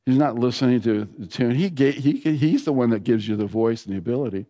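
A man in his sixties preaching in a relaxed, storytelling manner, his voice sitting at an ordinary middle pitch. He tells homely anecdotes to his congregation and slips into a quiet, hushed tone for short prayers. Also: fast, big-room sound. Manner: conversational storytelling preacher, drops to a soft hush for prayers. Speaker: pastor. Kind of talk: sermon.

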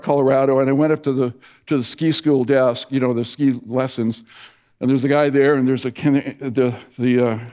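A man's voice: medium pitch, a little mellow. A middle-aged male pastor giving a sermon, telling stories with many restarts and fillers. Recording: long reverb of a large hall.

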